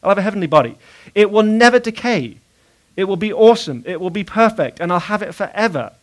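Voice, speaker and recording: High-voiced man preaching conversationally. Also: animated, fast. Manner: conversational preaching with fillers and audience prompts. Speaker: pastor. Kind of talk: sermon.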